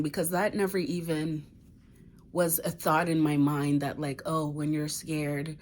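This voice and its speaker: A woman's voice: low-pitched, normal speed. A woman speaking candidly in a confessional personal vlog, emotional and swearing casually. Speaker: vlogger.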